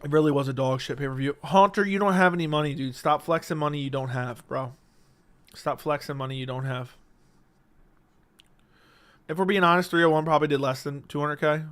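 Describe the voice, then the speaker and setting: Reading viewer messages on his casual home livestream, this man talks fairly quickly with frequent pauses. His fairly high voice sounds fairly bright and clean through a studio dynamic mic, and he's relaxed, cursing freely.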